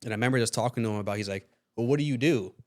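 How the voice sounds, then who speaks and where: A young podcast host with a mid-range voice talks very fast, telling a story in casual chat. He swears freely and acts out the voices of the people he quotes.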